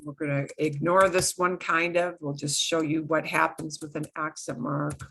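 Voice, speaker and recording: A woman's voice: sits low, level tone, normal speed, vocal fry, a bit bright, breathy edge. A middle-aged woman teaching a beginner Spanish lesson online, explaining rules step by step with playful exclamations.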